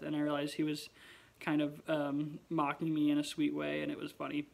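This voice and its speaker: A man's voice: fairly high pitch, fairly quick, creaky. A tired young man vlogging from home late at night, chatting expressively and sighing often. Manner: chatty and expressive, with frequent sighs. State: tired, yawning. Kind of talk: casual late-night vlog chat.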